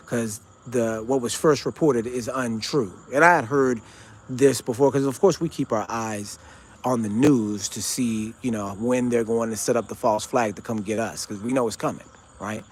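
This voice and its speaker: A man with a mid-range voice and fairly even intonation tells a story on his own show at a moderate pace, with slight background noise. He recounts an encounter in a rambling, conversational monologue packed with fillers and restarts.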